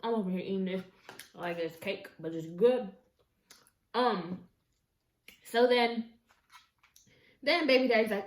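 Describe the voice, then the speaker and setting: A woman telling a story casually while eating on camera at home, chatty and expressive, with slangy asides to her viewers. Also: mid-range voice, a little slow, long pauses. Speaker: mukbang vlogger. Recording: echoey room.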